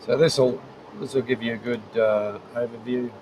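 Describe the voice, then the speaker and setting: In his home shed, a middle-aged Australian man runs an unplanned livestream, chatting easily with viewers as he fiddles with gear. His voice is medium-pitched and steady, at a measured pace, loaded with fillers and restarts, with a faint hum in the background.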